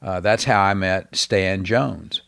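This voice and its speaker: A very deep-voiced man with a Texan drawl spins long stories as a podcast guest. He wanders through his tale, stopping often for fillers and restarts. The sound is dry and close. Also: slow pace, vocal fry, fairly bright tone, no room sound. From Texas. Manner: rambling, hesitant with many fillers. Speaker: guest, former governor. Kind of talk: casual storytelling interview.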